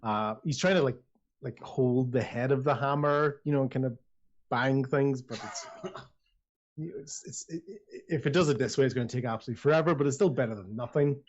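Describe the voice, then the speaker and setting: A man's voice: medium pitch, a little fast. Chatty male game master, rambling narration, slightly muffled lo-fi audio. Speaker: dungeon master.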